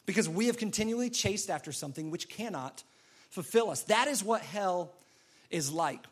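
A man's voice: sits high, animated, normal speed. A man preaching a sermon in an earnest, repetitive way, now and then acting out pleading voices. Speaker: pastor.

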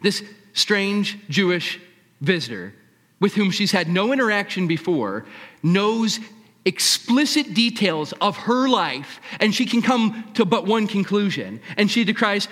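A man's voice: high-pitched, sing-song, unhurried, long reverb tail. A male preacher retelling a scripture story with dramatic, shifting delivery. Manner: dramatic storytelling, shifting between hushed and raised. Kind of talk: sermon.

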